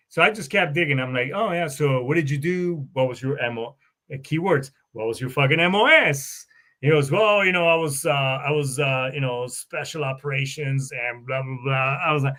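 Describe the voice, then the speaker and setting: A middle-aged American man hosting a podcast, telling stories in a profane, animated way and acting out both sides of conversations. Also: a little high. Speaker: podcast host. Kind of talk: casual storytelling monologue.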